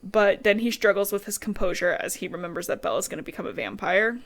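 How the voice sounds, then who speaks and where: A woman's voice: mid-range voice, fast talker. Woman podcast co-host, casual recap, chatty and sweary, lots of quoted asides. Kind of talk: casual book recap chat.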